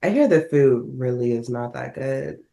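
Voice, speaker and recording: A woman's voice: a bass voice, animated, gravelly, warm tone. A woman co-hosting a podcast, chatting playfully and teasing. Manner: playful, teasing, quick to mimic others. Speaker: podcast co-host. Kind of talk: casual chat.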